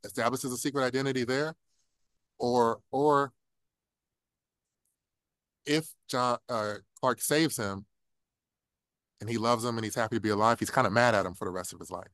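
A man's voice: mid-range voice, fairly even intonation, moderate pace, long pauses, fairly bright tone, no room sound. A man in a casual film discussion, talking animatedly and acting out characters' lines in playful voices.

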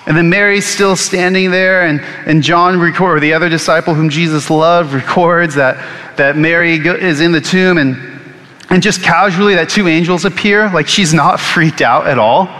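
A male pastor preaching a sermon, telling the story with acted-out quotes and sudden hushed passages. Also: on the high side, normal speed. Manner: storytelling, acts out quoted lines, drops to hushed tones. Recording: long hall reverb.

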